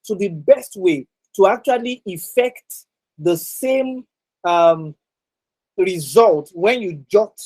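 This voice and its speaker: Over a video call, a male instructor leads a live online exam-prep session in a high-pitched, animated voice with a darkish tone, taking things slowly. He keeps circling back to repeat key points and checks in with listeners by asking "right?" The recording is low quality.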